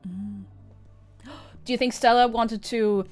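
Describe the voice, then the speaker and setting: Excitable woman game streamer. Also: fairly high pitch, takes it slowly, faint music behind. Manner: excited, rambling, laughing asides. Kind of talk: playing a game and making up jokey stories.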